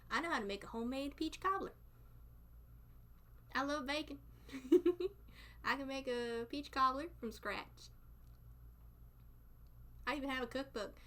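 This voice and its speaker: A young woman from North Carolina with a Southern accent, chatting casually with her stream viewers, excitable and laughing often. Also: high voice.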